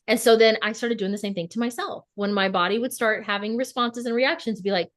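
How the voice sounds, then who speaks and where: A woman co-hosting a podcast over a video call, telling stories in a casual, animated way and acting out her own inner dialogue. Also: fairly high pitch, a little fast. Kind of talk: casual conversational podcast chat.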